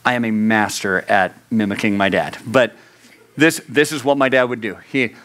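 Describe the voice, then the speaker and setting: Male youth pastor, sermon delivery, earnest; moves between urgent lifts and hushed asides, leans on repetition. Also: fairly low pitch, fairly even intonation, normal speed. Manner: earnest, swings from raised urgency to hushed intimacy; repeats phrases for emphasis.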